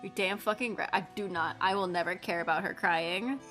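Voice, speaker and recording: A woman's voice: lowish voice, brisk, a bit bright. Blunt, jokey young woman streamer. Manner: blunt, jokey, swears, laughs at the lines. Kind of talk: casual commentary while reading a game. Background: lofi background music.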